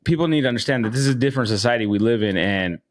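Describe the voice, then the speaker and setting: A man's voice: medium pitch, lively intonation, racing. Podcast co-host, male, loose profane delivery, circles back on his points. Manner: profane, rambling, repeats himself. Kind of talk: casual chat.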